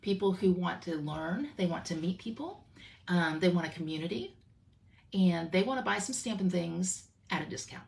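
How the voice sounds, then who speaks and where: A woman's voice: on the low side, lively intonation, normal speed, creaky, darkish tone. A woman hosting a live craft stream as a stamping demonstrator, chatting casually and repeating phrases for emphasis.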